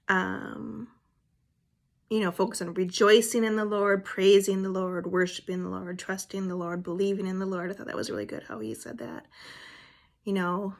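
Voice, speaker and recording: Woman vlogger, rambling and emotional, casual chat at a middle pitch. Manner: rambling, emotional, soft-spoken at times.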